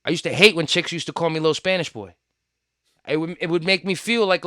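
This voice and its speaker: A young man hosts a laid-back podcast, his voice a little high and strikingly bright and forceful. He tells stories in an animated, swearing, slang-heavy way. The sound is dry and close, with no room echo. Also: fast. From Puerto Rican, raised in New York. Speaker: podcast host. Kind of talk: casual podcast chat.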